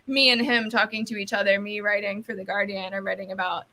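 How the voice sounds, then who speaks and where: A woman's voice: medium pitch, little pitch movement, fast talker, gravelly, pushed and bright. A woman guest on a sports podcast, a soccer writer chatting casually and thoughtfully, hedging with fillers and laughing easily.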